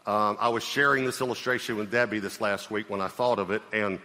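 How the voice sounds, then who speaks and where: A middle-aged Southern US pastor, heard live in a reverberant hall, delivers his sermon like a conversation, repeating phrases and checking in with the listeners. He speaks a little fast in a fairly low voice, pushed and bright, with fairly even intonation.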